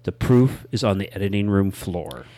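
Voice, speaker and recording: A man co-hosting a comedic chat, spinning deadpan joke theories. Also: low-pitched, normal speed. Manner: deadpan, conspiratorial joking. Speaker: podcast co-host.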